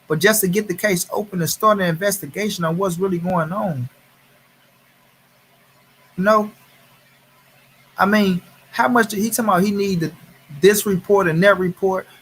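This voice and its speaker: With slight background noise behind him, a man with a fairly high, somewhat bright voice rants on his livestream. He's heated and profane, repeats himself for emphasis, and greets chat viewers by name in this angry, casual commentary.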